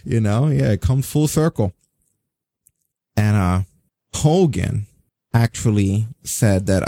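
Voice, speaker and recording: A man's voice: on the low side, creaky, mellow, dry recording. A man talking in casual, opinionated podcast chat, blunt and sarcastic, swearing freely. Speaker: podcast co-host.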